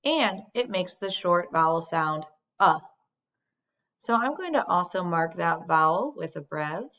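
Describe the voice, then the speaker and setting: A woman teacher giving a recorded phonics lesson, speaking slowly and deliberately as she models sounds for young children. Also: fairly low pitch, animated, fairly bright tone. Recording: dull lo-fi sound.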